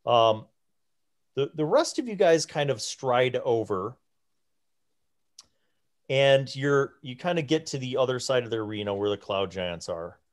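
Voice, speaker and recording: A man narrating as dungeon master, slow and full of fillers. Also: medium pitch, expressive. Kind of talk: narrating a tabletop game.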